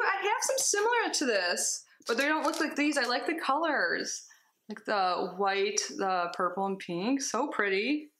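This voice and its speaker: A young woman chatting casually as she unboxes a subscription box at home, bubbly and excitable with giggly asides. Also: mid-range voice, reverberant, slight background noise. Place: home, with cats.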